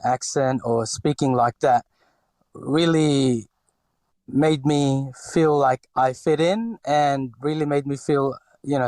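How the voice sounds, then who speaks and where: With a mid-range, somewhat dark voice and no echo, a man in his forties from the Philippines is a guest on a podcast. His Filipino accent is light, and he speaks hesitantly, using lots of fillers and restarting often.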